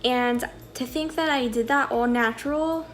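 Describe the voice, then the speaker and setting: A woman's voice: high voice, unhurried, a little hiss or hum. A woman in her twenties, a young mother candidly telling her birth story to camera in a chatty, rambling way. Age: 20s. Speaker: vlogger and mother.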